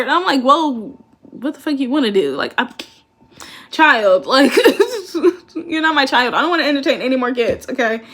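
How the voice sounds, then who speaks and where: A woman's voice: medium pitch, a bit bright. A young woman vlogger in casual chat, swearing freely and laughing often as she talks.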